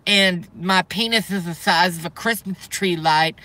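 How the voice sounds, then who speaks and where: A man's voice: high voice, a little slow, sharp tone. A man voicing a whiny, limp-wristed liberal caricature with a lisp and a put-on Southern drawl, sneering and profane. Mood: mocking.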